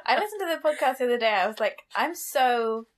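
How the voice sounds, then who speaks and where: A young woman co-hosts a podcast in loose, casual chat, giggling often and tripping over false starts. Her voice sits a little high and bounces around in lively swings. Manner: giggly, lots of false starts, quick asides. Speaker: podcast co-host.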